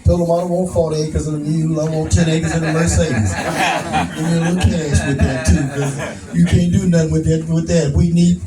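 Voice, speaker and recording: A man's voice: a little high, steady tone, normal speed, over a noisy crowd. A man giving a rousing, preacher-like speech at a prayer breakfast, folksy and laughing at his own jokes. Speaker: advocate speaker. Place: event hall. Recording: echoey room from a distance, noisy.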